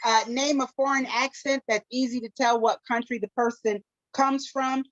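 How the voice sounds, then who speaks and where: A woman co-hosts a casual live podcast, running a quiz game segment while chatting, laughing often and tossing in playful foreign phrases. Her fairly high voice is fairly even in intonation and moves at a normal speed. The recording is dry and muffled.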